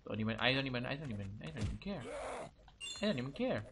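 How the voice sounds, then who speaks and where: A man's voice: mid-range voice, big pitch swings, very fast, background noise. A young man commentating a let's play, frustrated, swearing, muttering and repeating himself at a hard boss. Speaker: gaming channel host.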